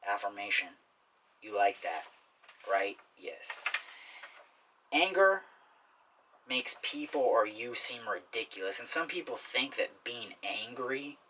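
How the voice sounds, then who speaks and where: A man's voice: lowish voice, expressive, takes it slowly, long pauses, pushed and bright, distant mic, slight background noise, rough recording. A man hosting a self-help talk in a casual explainer style, often checking in with "okay?". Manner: repetitive, keeps asking "okay?". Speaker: self-help video host.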